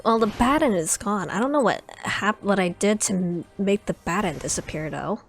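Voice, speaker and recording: A woman's voice: medium pitch, animated, moderate pace, faint music behind. A woman streaming a story game, chatting curiously and reading the text aloud. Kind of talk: playthrough commentary and reading aloud.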